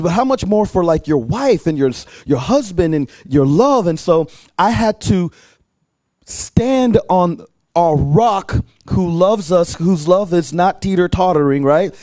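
A male preacher tells a personal story to his congregation in a loose, chatty way, acting out every line of dialogue. His voice sits a little high for a man. The sound is dry, with no echo. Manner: animated and conversational, acting out dialogue. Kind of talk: sermon storytelling.

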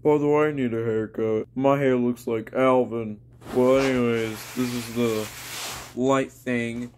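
A man's voice: medium pitch, steady tone, a little slow, a little mellow, slight background noise. A young man making a silly, rambling home vlog in his bedroom, repeating words as he goes.

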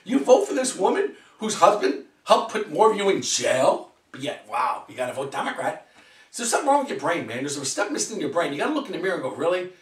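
A man's voice: a little high, very animated, fast, distant mic. A man ranting heatedly in a political vlog, firing off rhetorical questions and swearing. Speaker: vlogger. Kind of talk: political rant. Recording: echoey room, away from mic.

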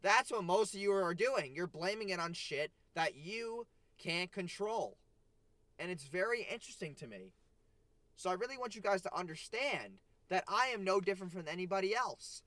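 A man's voice: high-pitched, animated, normal speed, bright, forceful tone, dry recording. A man vlogging a motivational rant, blunt and profane, scolding his viewers.

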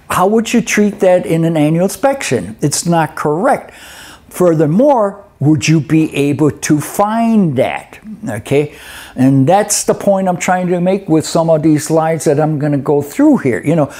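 A middle-aged male instructor with a warm, somewhat high voice leads a live webinar lecture on truck inspections. His style is folksy and conversational, and he often checks in with "okay?" and "eh?".

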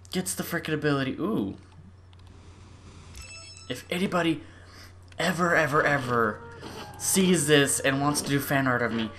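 A young adult gaming YouTuber giving excitable let's-play commentary, gushing and swinging from squeals to murmurs. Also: mid-range voice, slight background noise.

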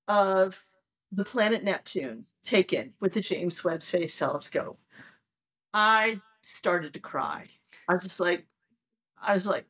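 A woman in her sixties, a planetary astronomer telling stories in a conversational interview, animated and acting out her excited reactions. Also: medium pitch, normal speed, breathy edge. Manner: animated storyteller who acts out her own excited reactions.

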